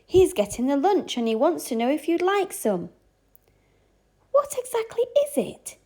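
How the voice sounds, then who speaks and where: A woman reads an eager young daughter who chatters quickly. Her voice sits high and bounces about brightly. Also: very animated. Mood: chatty.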